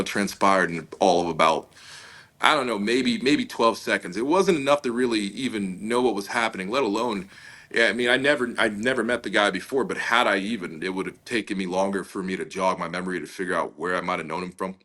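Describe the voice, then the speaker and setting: Interview guest, male, deep but bright voice, loose storyteller with lots of "you know". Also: a little fast. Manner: casual, many fillers, acts out quoted dialogue. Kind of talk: conversational storytelling.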